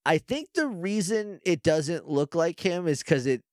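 Recapping a show on a podcast he co-hosts, a man takes his time, his voice on the high side. He's animated and voices the characters' lines as he goes, in studio-quality audio with no room sound.

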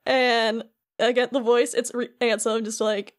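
A woman's voice: fairly high pitch, brisk. Chatty woman recapping a game. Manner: animated, chatty, full of "like". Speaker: podcast co-host. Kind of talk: casual chat, recapping a game.

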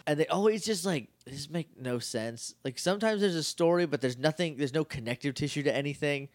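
A man's voice: fairly high pitch, expressive, fairly quick, no echo. A young man co-hosting a podcast, chatting casually about a TV episode, rambling and acting out lines from it. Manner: rambling, acts out quoted lines in hammy voices. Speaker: podcast co-host. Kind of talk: casual chat recapping a TV episode.

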